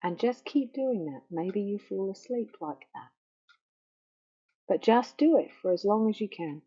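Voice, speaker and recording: A woman counselling on grief in a gentle, slow, reassuring way that softens to a near hush. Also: mid-range voice, lively intonation, breathy edge. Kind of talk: guided self-help talk. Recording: dull lo-fi faulty microphone.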